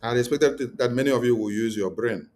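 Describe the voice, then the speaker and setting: A man's voice: mid-range voice, fast talker, a little mellow. A man hosting a livestream, speaking emphatically and repeating his points to viewers. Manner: emphatic, repetitive, preaching tone. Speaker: livestream host.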